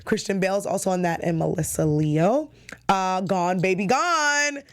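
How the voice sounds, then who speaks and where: A woman's voice: mid-range voice, measured pace. Chatty woman hosting a TV recap. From New York. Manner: chatty, enthusiastic, with frequent fillers. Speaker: TV recap show host. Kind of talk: casual recap chat.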